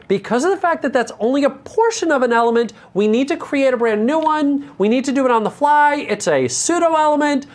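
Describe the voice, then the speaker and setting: American guy teaching coding live, joking around, real candid, voice jumps all over. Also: very high-pitched. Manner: candid, self-deprecating, joking asides. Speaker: instructor.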